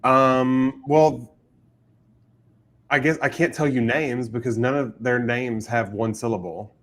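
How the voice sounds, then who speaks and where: A man's voice: medium pitch, fairly even intonation, takes it slowly. A man hosting a casual writing livestream, chatty and giggling often. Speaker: livestream host and writer.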